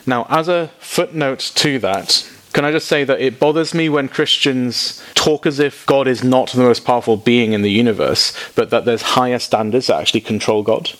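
A man preaching a sermon to a congregation, informal and animated, dropping in quick asides and jokes. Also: mid-range voice. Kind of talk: sermon teaching.

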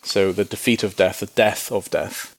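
A man preaching a Bible teaching sermon in a lively, humorous way, acting out little voices in quotes. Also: on the low side, moderate pace.

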